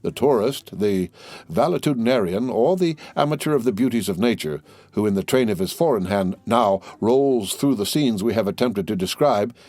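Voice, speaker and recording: A man reading a classic adventure novel aloud as an audiobook narrator, in a steady, measured way. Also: on the low side, no echo. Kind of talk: scripted narration.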